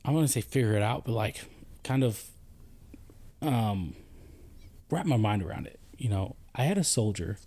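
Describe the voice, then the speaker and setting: A man from the United States, a former Army leader, talking on a podcast in a halting, reflective way, often searching for words. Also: fairly low pitch, animated, warm tone. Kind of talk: casual podcast conversation.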